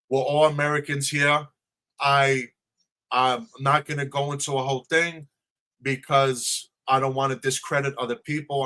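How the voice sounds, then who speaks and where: A man's voice: mid-range voice, pushed and bright. A man, a political candidate answering questions on a livestream video call in an earnest, emotional, repetitive way.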